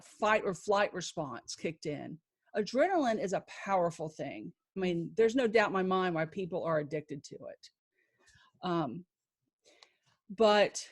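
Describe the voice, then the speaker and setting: Woman, podcast guest, slow, emotional testimony, halting restarts, faith-filled. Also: mid-range voice. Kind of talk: personal testimony storytelling.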